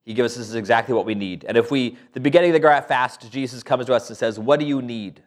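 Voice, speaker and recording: A man's voice: medium pitch, fast. A man preaching a sermon in a conversational, playful way, full of rhetorical questions and light laughs.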